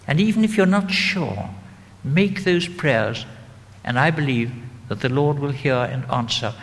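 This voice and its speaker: A man preaching an evangelistic sermon, gently and deliberately leading the listeners through prayers. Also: medium pitch. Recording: long hall reverb.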